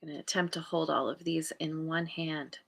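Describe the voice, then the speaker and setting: A woman's voice: sits low, steady tone, normal speed, creaky. A woman giving a live tarot reading and thinking aloud, meandering and often restarting as she searches for words. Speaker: tarot card reader.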